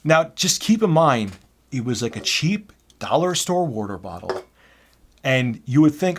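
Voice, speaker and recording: A man in his thirties casually telling a work story in an animated, exasperated way. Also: medium pitch, measured pace, husky. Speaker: YouTuber.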